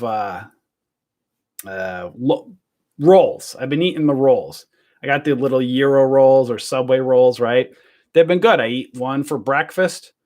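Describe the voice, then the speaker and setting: A man rambles through a casual livestream from his home, chatty and joking. He keeps asking his viewers rhetorical questions. His voice sits at an ordinary middle pitch. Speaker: livestream host. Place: home, in self-quarantine.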